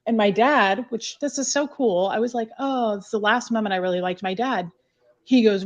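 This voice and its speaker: A woman guest recounts her past as a candid, salty storyteller, speaking bluntly, swearing freely and using lots of "like." Her voice is medium-pitched and fairly quick, heard through muffled call audio.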